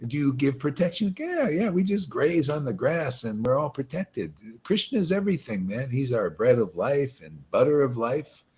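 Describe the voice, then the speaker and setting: A man's voice: mid-range voice, big pitch swings, normal speed, hardly any pauses, darkish tone, breathy edge. A man teaching a meditation session in a loose, joking way, often tossing in "man" and "you know" and laughing at his own jokes. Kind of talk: casual spiritual talk on a livestream.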